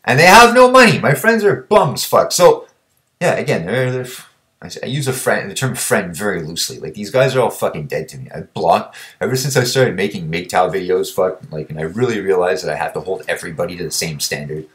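A man's voice: sits low, animated, a little fast, a bit bright. A young man vlogging, ranting bluntly and combatively, swearing constantly. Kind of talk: profane ranting monologue.

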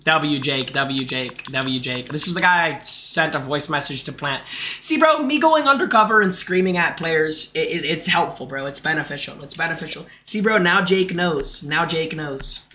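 A young man streaming a game live, talking to his chat in an excitable, shouty way. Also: on the high side, normal speed, a little hiss or hum. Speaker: gaming streamer.

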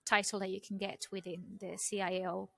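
A woman's voice: medium pitch, flat delivery, brisk, gravelly, no echo. A woman from Argentina whose first language is Spanish, speaking English with a British accent. She is a translator, chatting as a guest in an interview, with many fillers and restarts. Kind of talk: casual interview conversation.

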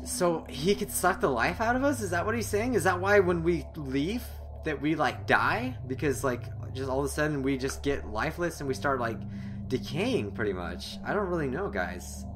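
A man playing a visual novel, reading it aloud and reacting with excitable outbursts. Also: on the high side, normal speed, over music. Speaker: gamer.

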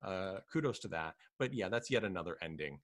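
A man's voice: low voice, lively intonation, brisk, no echo. A man hosting a casual film-discussion podcast, rambling with many fillers and restarts. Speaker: podcast host.

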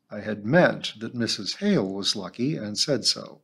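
Lively man reading a novel aloud. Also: on the low side, normal speed, gravelly, breathy edge.

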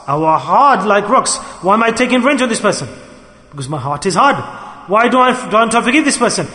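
A high, bright male voice delivers an earnest sermon, pressing his listeners with questions. The sound rings through a large hall with a long, echoing reverb. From United Kingdom. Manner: earnest, exhorting, questions the audience. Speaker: Sufi sheikh.

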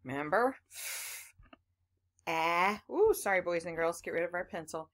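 Patient woman phonics teacher, bright and slow, coaxing children through each sound. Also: fairly low pitch, animated.

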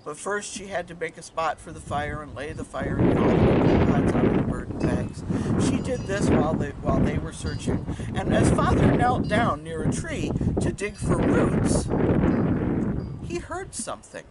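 A woman telling a folktale to children, lively and quizzing her listeners as she goes. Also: low voice, normal speed. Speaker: storyteller and educator. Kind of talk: storytelling to children. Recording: loud background noise, vehicle.

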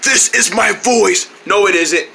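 A man's voice: high-pitched, unhurried, gravelly, sharp tone, exaggerated voice. A man voicing an indignant young boy who keeps getting zapped, demanding answers in a toy play story.

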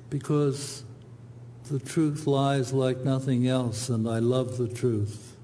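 Brief: male poet at a reading, low-key dark tone, flat measured delivery. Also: a little hiss or hum. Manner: slow, measured, even recitation. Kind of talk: poetry reading.

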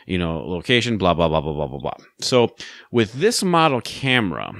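Man, low and lively voice, rambling podcast host, dry close sound. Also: normal speed, no echo. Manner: rambling, many fillers and restarts. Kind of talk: casual storytelling chat.

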